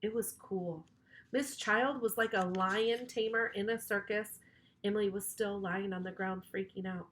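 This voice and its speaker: A woman librarian reading a children's chapter book aloud in an animated, playful, teasing way. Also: medium pitch, unhurried. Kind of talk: children's storybook read-aloud.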